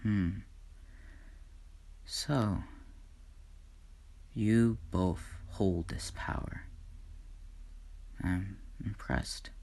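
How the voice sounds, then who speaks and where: A man voicing God as a soft-spoken, unsure fatherly deity, speaking in a hushed, half-whispered tone with slow, pondering hums in an amateur fan story. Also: fairly low pitch, fairly even intonation, vocal fry.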